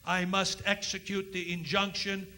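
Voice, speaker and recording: A man voicing a grave, dutiful middle-aged governor in a dramatic monologue, formal and measured. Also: high voice, little pitch movement, sharp tone. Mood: solemn.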